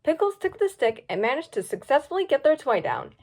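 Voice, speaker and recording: A woman reading a storybook aloud in a lively, expressive way. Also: high voice, fairly quick. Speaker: story reader.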